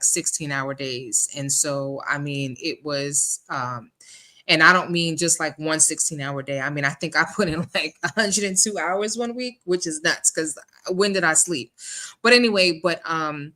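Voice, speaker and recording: Chatty low-voiced woman livestream host. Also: bright, forceful tone. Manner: chatty, addresses chat as y'all. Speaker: YouTube commentary host. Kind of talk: livestream commentary.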